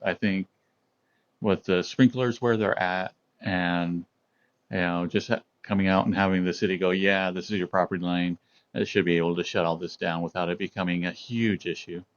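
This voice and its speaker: A man's voice: low voice, steady tone, moderate pace, dull audio. A man streaming, chatting casually and telling a story to his viewers, laughing often. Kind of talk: casual chat with chat readers.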